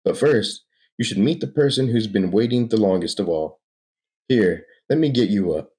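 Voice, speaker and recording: Overly gentle male doctor, mellow and calm, voiced by a man. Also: fairly low pitch, normal speed, pitched above the performer's own voice, lightly acted. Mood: coaxing. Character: smooth, soothing male asylum doctor.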